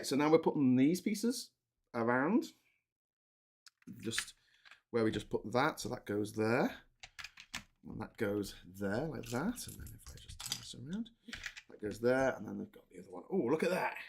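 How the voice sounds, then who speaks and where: A man's voice: mid-range voice, lively intonation, moderate pace, long pauses. A man hosting a live stream, chatting casually and jokily while he builds a model, with plenty of swearing and laughter. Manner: rambling and jokey, swearing, laughing often.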